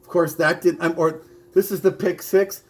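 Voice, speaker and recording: A man running through a stand-up routine, hitting each joke with a punchy catchphrase. His voice sits a little higher than most men's. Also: steady tone, normal speed, low-quality recording. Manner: punchy delivery, repeats a catchphrase; bilingual. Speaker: stand-up comedian. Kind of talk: rehearsing a stand-up bit.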